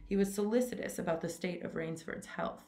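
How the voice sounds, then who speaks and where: Woman reading a story aloud, low pitch, gravelly, steady, plain, small stumbles. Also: brisk. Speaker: reader.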